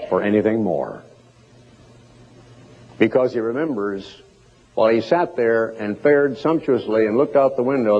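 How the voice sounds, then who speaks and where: Animated preacher man, husky lo-fi sound. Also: medium pitch. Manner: dramatic, animated storytelling with emphatic scripture quotes. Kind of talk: sermon. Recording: dull lo-fi recording.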